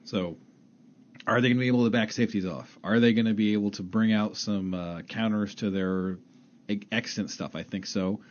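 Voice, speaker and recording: Man, football analyst, sports radio studio, detailed play breakdowns, somewhat low voice, muffled broadcast sound. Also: fairly even intonation, normal speed.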